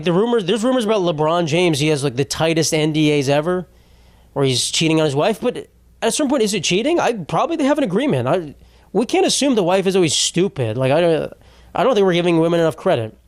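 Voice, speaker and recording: Here a young man running a podcast talks fast in an animated, somewhat high voice, with no room sound. The monologue is comedic, profane, and meandering, and he keeps cutting himself short.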